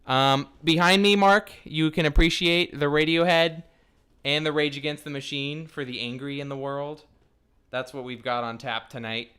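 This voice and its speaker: A man's voice: fairly high pitch, steady tone, moderate pace, pushed and bright, clean tone. A man hosting a live stream, chatting casually and jokily with his viewers in a scattered, playful way, talking straight to the chat. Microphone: desk microphone.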